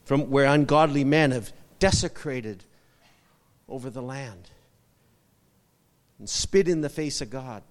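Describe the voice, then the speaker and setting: A man's voice: mid-range voice, slow, long pauses, long reverb tail. A male pastor preaching a sermon, repeating short emphatic phrases and asking the congregation for amens.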